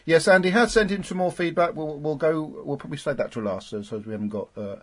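A man's voice: fairly high pitch, fast. A man hosting a podcast in casual chat, joking and chuckling with his co-host. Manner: jokey, chuckling.

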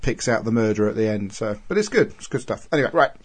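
A man's voice: fairly low pitch, animated, fast talker. A man hosting a casual podcast chat, talking in a rambling, hesitant way. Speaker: podcast host.

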